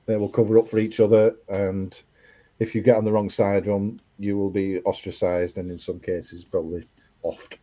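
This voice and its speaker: A man's voice: lowish voice, warm tone, muffled recording. A man chatting as a guest on a live stream, blunt, jokey and opinionated. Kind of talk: casual live-stream chat.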